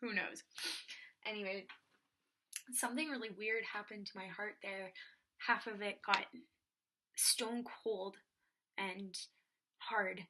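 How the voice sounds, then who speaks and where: A young woman telling a personal story in a soft, often whispery voice, with many filler words. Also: mid-range voice, steady tone, takes it slowly, long pauses, slight background noise. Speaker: vlogger.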